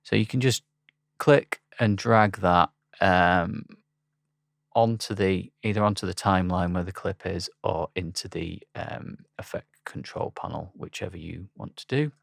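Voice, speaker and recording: A man talking through a software tutorial in a relaxed, halting way with frequent pauses and ums. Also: deep voice, gravelly, no echo, clean studio sound. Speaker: instructor. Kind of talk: screen-recorded software tutorial.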